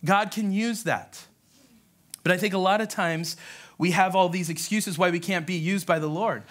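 A man pastor preaching a lively sermon, telling stories and acting out the voices in them. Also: high voice, normal speed.

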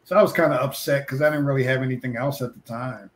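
A man telling lively stories as a guest comic artist in a casual chat, acting out the voices he quotes. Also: medium pitch, quick pace. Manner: animated anecdote teller, acts out quoted voices.

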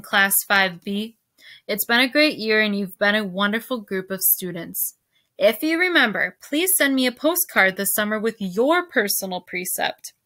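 A kind teacher sends his class off with encouraging words, as a woman reading aloud voices him. His tone is friendly and easy. It sounds like a calm storybook scene. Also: a little high. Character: kind fifth-grade teacher saying goodbye.

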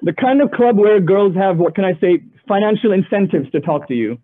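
A man's voice: sits high, a little fast, slight background noise. A young man from the Gulf region doing a stand-up comedy set over a video call, telling stories with playful asides. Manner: animated storyteller, playful asides. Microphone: video call audio. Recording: tinny phone-like line.

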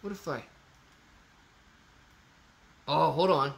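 Excitable man hosting a livestream. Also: fairly high pitch, slow, gravelly. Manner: excitable, thinks aloud and repeats himself. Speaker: livestream host reading viewer comments. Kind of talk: casual livestream Q&A.

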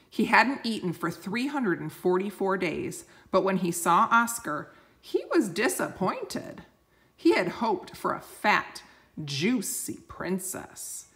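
Slow gravelly woman reading a storybook. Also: lowish voice. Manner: slow, gentle storytelling with explanations for children. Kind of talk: reading a picture book aloud.

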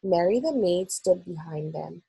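A woman reading a children's novel aloud for school children in an expressive, unhurried storytelling manner. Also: on the low side, vocal fry, husky, no room sound, poor audio.

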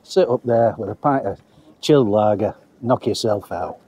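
A man's voice: fairly low pitch, moderate pace, mellow, slight background noise. A middle-aged man, chatting casually to viewers as his mates while reviewing a pub meal on camera. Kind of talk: casual food review vlog. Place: pub dining area.

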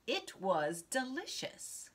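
A young adult woman teaching an English lesson online to a child, slow and encouraging, with lots of praise. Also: sits high, sing-song, husky.

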